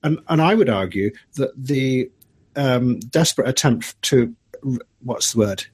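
A man's voice: mid-range voice, lively intonation, measured pace, breathy edge. A man, a documentary filmmaker, talking through his ideas as an interview guest, musing and argumentative with many restarts. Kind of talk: animated interview talk.

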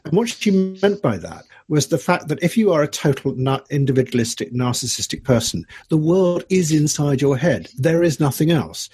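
A man's voice: fairly high pitch, very animated, normal speed, hardly any pauses, darkish tone, husky. A man, a documentary filmmaker, talking through his ideas as an interview guest, musing and argumentative with many restarts. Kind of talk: animated interview talk.

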